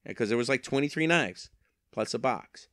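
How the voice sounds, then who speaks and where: A man's voice: medium pitch, expressive, normal speed, fairly bright tone, dry recording, clean studio sound. Chatty man rambling about resale sales. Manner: chatty, rambling, wry self-mocking asides. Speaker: eBay reseller. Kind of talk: casual vlog monologue. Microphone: handheld microphone.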